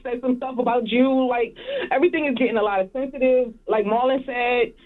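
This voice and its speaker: A woman's voice: fairly high pitch, steady tone, a little fast. A woman calling in to a radio show, chatty and laughing as she gives her view. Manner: chatty, laughs while talking. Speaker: caller. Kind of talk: call-in comment. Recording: tinny phone line.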